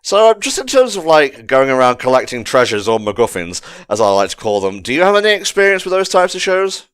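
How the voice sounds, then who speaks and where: A man's voice: mid-range voice, very animated, a little fast, fairly bright tone, clean tone, dry recording. A man hosting a casual audio commentary, chatty and joking, swearing now and then. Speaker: commentary host.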